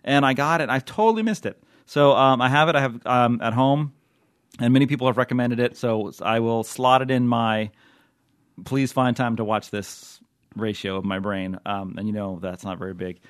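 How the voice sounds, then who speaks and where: A man's voice: mid-range voice, moderate pace, dry recording. Man, podcast host, casual chat, jokey, rambling, laughs a lot, dry sound.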